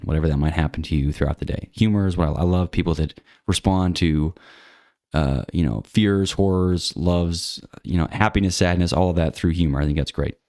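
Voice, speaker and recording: Low-voiced man musing, blunt. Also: darkish tone, no echo, studio quality. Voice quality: rambling, many fillers and restarts. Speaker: channel host. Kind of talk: casual monologue to camera.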